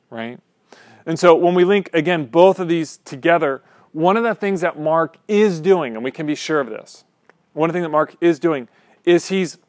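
A man leads a relaxed Bible class in a small room, his voice sitting a little high. He talks through his points conversationally, often checking in with the group. The recording is dry, with little room sound. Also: no echo. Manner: conversational, many asides and "right?" checks with the group. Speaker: Bible study teacher. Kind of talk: informal Bible class lecture.

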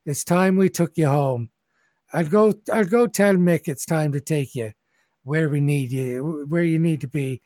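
Man putting on a raised, brisk, motherly halfling lady. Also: fairly high pitch, a little mellow, dry recording, pitched above the performer's own voice, lightly acted. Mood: comforting. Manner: brisk, comforting. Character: kindly female halfling friend, motherly and brisk.

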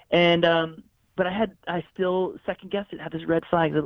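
A somewhat high, creaky male voice with a level tone and normal speed, dry and tinny like a phone call. The guest musician rambles through interview stories, stumbling over restarts and fillers while performing people's dialogue.

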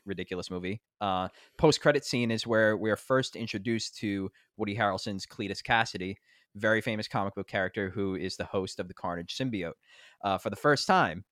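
A man's voice: fairly low pitch, no room sound, studio quality. A young man in his twenties co-hosting a podcast, telling stories in a casual, laughing way. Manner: laughing, animated storytelling. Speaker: podcast co-host.

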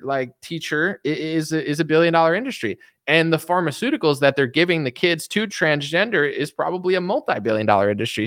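A man's voice: a little high, a bit bright, no echo, studio quality. A man giving a casual opinion monologue, rambling with constant fillers. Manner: rambling, heavy use of filler "like". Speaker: political commentator.

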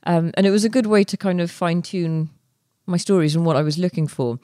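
A young woman, a guest author, telling her story in a relaxed interview, chatty with many fillers and restarts. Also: fairly low pitch, fairly quick, dry recording, clean studio sound.

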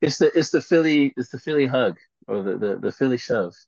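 A man's voice: medium pitch, animated, a little fast, vocal fry, darkish tone, no room sound. A man co-hosting a podcast, rambling and joking at his own expense in casual sports chat. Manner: rambling, jokey, self-mocking. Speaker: podcast co-host. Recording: slightly dull lo-fi recording.

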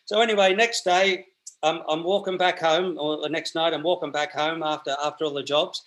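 An Australian man in his sixties, appearing as an interview guest, tells stories in a loose, colloquial way, often restarting and repeating words. His voice sits a little high for a man, fairly even in intonation, fairly quick and a bit bright.

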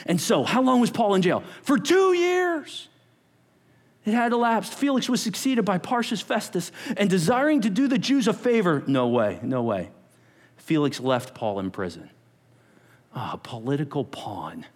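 A man preaching a sermon as pastor, animated, acting out quotes and dropping to whispers. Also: high voice, moderate pace. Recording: long hall reverb.

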